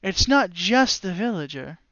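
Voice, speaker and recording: A game master narrating a tabletop game, halting and full of restarts. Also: mid-range voice, sing-song, fairly bright tone, dry recording, lo-fi sound.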